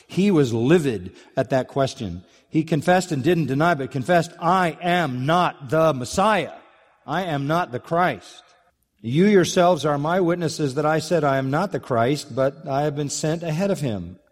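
Male pastor, emphatic sermon delivery, slightly high voice, long hall reverb. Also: darkish tone. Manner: emphatic preaching with rhetorical questions and restarts. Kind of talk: expository sermon.

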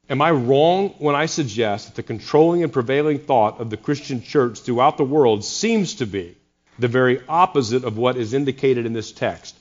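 A man's voice: medium pitch, lively intonation, a little fast, highs cut off. A man preaching a sermon, earnest, with wry sarcastic asides to his congregation. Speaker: pastor.

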